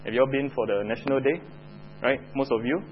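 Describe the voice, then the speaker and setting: A man's voice: medium pitch, fast, dull audio, a little hiss or hum. A man with a Singaporean English accent teaching a Bible lesson to children, chatting and asking the class questions.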